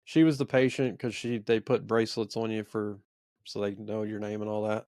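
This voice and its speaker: A man's voice: on the low side, level tone, moderate pace, a little mellow, dry recording, studio quality. A man in his forties co-hosting a faith podcast, telling a personal story in a rambling, earnest, self-reflective way. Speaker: podcast co-host. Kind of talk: casual storytelling chat.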